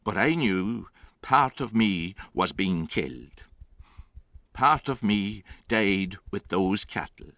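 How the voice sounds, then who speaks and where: A man's voice: on the low side, expressive, slow pace, fairly bright tone, no echo, exaggerated voice. An actor playing an older Irish grandfather and former farmer who tells his story in a wry, dry theatrical monologue. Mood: grim.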